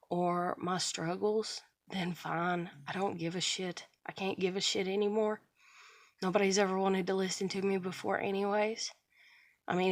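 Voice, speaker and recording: A woman's voice: medium pitch, no room sound, studio quality. A woman in her thirties rambling through a bitter, profane confessional monologue about her life. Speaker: vlogger sharing personal stories.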